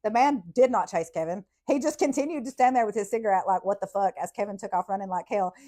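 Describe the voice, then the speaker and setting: Laughing, foul-mouthed woman storyteller. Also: medium pitch. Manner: profane, laughing, animated storytelling. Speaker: podcast host. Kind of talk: casual storytelling.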